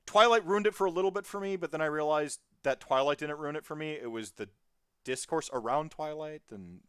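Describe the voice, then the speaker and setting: A podcast guest talking in a casual, rambling way, animated and full of tangents and fillers. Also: medium pitch, brisk, clean tone, no room sound, studio quality.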